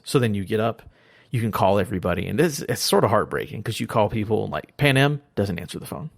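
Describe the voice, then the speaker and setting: A man with a lowish, gravelly voice talks fast in a casual podcast chat, retelling a story and slipping into quoted lines as he goes. The recording is dry and close, with no room sound. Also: lively intonation, dry recording. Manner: rambling retelling of a game plot, quoting characters. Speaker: podcast guest.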